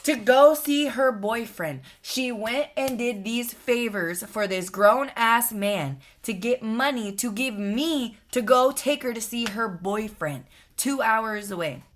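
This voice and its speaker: A woman's voice: fairly high pitch, slow, slight background noise. A woman in her twenties telling a storytime to her channel, blunt and profane, exasperated as she retells it. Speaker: vlogger. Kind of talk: storytime monologue.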